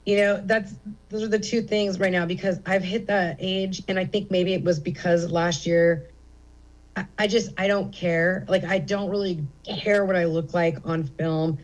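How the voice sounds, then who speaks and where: A woman's voice: fairly low pitch, fairly even intonation, moderate pace, lo-fi sound. A middle-aged woman comedian speaking as an interview guest at a comedy theater, candid and rambling with many fillers. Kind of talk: casual interview chat.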